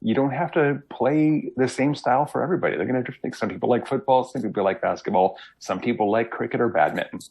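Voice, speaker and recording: A man talking as a guest on a casual podcast, telling lively stories and acting out quotes. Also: mid-range voice, quick pace, hardly any pauses, husky, poor audio. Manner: animated storyteller, acts out quotes. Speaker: guest game designer.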